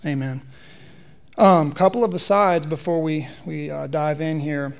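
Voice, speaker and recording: A man's voice: on the high side, fairly even intonation, a little slow, creaky, smooth. A man in his thirties giving a conversational, humorous sermon in a church, telling a personal story. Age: 30s. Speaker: preacher.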